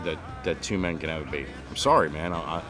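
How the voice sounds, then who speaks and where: A man's voice: extremely low pitch, fast talker, music in the background. A man hosting a livestream, talking politics in a casual, profane and heated way. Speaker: livestream host.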